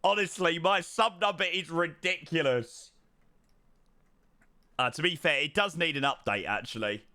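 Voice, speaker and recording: A man's voice: on the high side, a little slow, long pauses, pushed and bright, no echo. A man, chatting casually to viewers during a flight sim stream, greeting them by name and repeating words. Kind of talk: casual live-stream chat.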